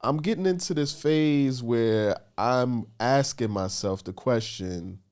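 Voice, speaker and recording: A man's voice: mid-range voice, slow, a little mellow, clean tone. A man who is a guest on a casual podcast conversation, speaking candidly and emphatically about himself.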